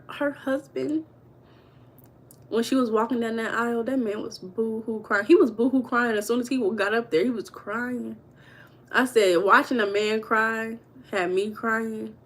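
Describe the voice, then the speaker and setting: A woman's voice: fairly high pitch, normal speed. Chatty woman live-streaming. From United States. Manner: chatty, talks to chat viewers, calls them baby and girl; laughs often while talking. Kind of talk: casual live-stream chat.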